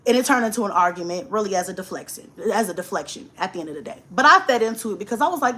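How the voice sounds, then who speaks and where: Animated, swearing young woman vlogger. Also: mid-range voice, racing, few pauses. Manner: animated, swears freely, acts out both sides of an argument. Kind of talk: casual storytime rant.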